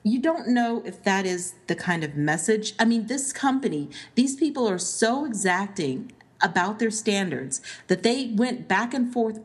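A woman co-hosting a podcast in casual chat, animated and emphatic, laughing often. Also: mid-range voice. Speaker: podcast co-host.

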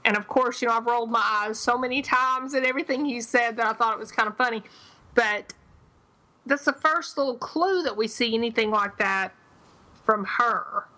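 A woman co-hosting a casual TV recap podcast, animated and acting out quoted lines. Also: a little high, normal speed, poor audio. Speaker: podcast co-host.

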